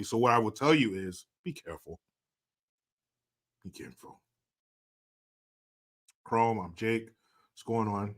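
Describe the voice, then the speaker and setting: Male live-stream host in his forties, mid-pitched, jokey and profane chat. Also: sharp tone. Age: 40s. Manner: jokey, profane, laughs often. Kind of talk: casual live stream chat, reading viewer comments.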